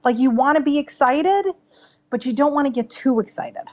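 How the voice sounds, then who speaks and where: A woman in her thirties, a podcast guest telling a personal story in a chatty, animated way, full of "like" and "you know". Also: high voice, moderate pace. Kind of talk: casual storytelling interview. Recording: slightly dull podcast audio.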